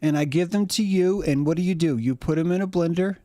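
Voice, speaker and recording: A man voicing a proud, fussy chef who complains in a quick, aggrieved way. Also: a little high, dark tone, no echo, studio quality, voice pushed up, close to an everyday voice. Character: wounded, fussy male chef, proud of his cooking.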